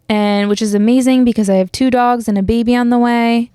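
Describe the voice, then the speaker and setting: A woman's voice: a little high, fairly even intonation, a little fast, few pauses, warm tone, clean tone, dry recording. Young woman, podcast host, casual rambling chat, lots of fillers, dry close-mic sound. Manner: chatty, rambling with many fillers and restarts.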